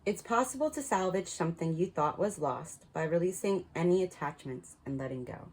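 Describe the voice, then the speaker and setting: A woman's voice: on the low side, expressive, moderate pace, a little mellow, slightly rough. A woman giving a casual spiritual card reading, talking frankly and chattily and laughing at her own slips. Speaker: tarot card reader.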